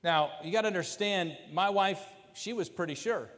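A man with a slightly raised voice tells a personal family story, animated and full of quoted exchanges. His voice rings through a large hall with a long, trailing reverb. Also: high voice, normal speed. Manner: animated, quotes others in lively asides. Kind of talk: personal story told to an audience.

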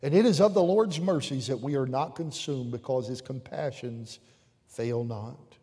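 A man preaching a sermon as pastor, swinging between fervent, raised passages and quiet, hushed appeals to the congregation. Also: mid-range voice, moderate pace. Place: church sanctuary with pews. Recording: long reverb of a church hall.

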